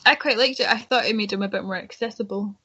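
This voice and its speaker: A woman's voice: mid-range voice, quick pace, pushed and bright, slightly rough. A woman co-hosting a casual film discussion, chatty and frank, often restarting her sentences. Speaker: podcast co-host. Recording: dull lo-fi podcast audio.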